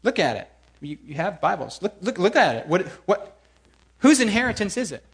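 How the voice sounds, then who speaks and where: A man preaching a sermon in a lively, emphatic way, often repeating words to drive a point home. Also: high-pitched, normal speed, breathy edge.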